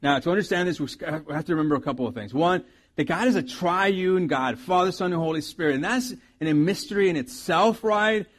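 A middle-aged man, a pastor, preaching a sermon with animated storytelling, his loudness swinging from soft asides to loud bursts. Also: high voice, fairly quick.

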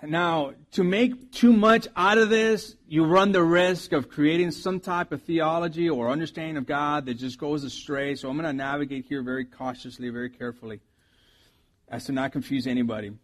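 A middle-aged pastor with a slightly high voice preaches a sermon at a moderate pace, telling stories in an animated way. His volume swings between soft asides and loud bursts.

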